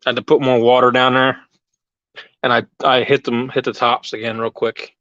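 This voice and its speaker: A man talks loosely to his viewers while working outside, often stopping to restart his sentences. His voice sits at a middling pitch and comes through a lapel mic. The sound is dry and a little dull, with a lo-fi edge. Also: flat delivery, moderate pace, a bit bright, no echo. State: out of breath. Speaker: channel host. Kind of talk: casual live chat while gardening.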